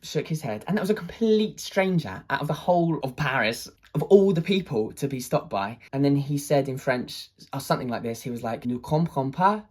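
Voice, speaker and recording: A husky-voiced speaker tells a personal story in a loose, rambling way. The delivery is hesitant, with fillers and restarts, and carries an excitable sense of wonder at mid pitch. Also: a little fast, hardly any pauses. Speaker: artist telling a personal story.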